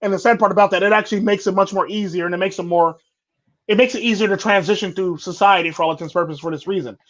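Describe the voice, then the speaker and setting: A man's voice: sits high, steady tone, racing, a bit bright, highs cut off. A man hosting a casual chat, talking bluntly and rambling with repeated stock phrases. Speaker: podcast host.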